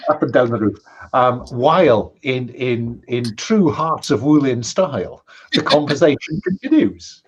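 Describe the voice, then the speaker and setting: A man playing a tabletop game, describing a scene haltingly with many restarts. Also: medium pitch, expressive, breathy edge. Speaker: player.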